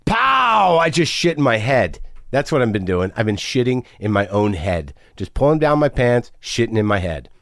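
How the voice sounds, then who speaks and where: A man's voice: lowish voice, animated, moderate pace, dry recording, studio quality. A middle-aged man hosting a podcast, talking in a manic, rambling, profane confessional monologue. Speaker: podcast host.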